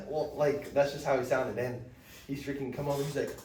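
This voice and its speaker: A man's voice: mid-range voice, fairly quick, a little mellow. Young man, podcast host, rambling slangy storytelling, echoey room, mic set back. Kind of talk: casual chat. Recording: echoey room, mic at a distance, faint noise.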